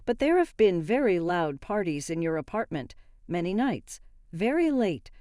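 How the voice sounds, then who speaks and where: A woman voicing a gentle elderly neighbor lady. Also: lowish voice, sing-song, normal speed, dry recording, studio quality. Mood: apologetic. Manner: soft-spoken, polite.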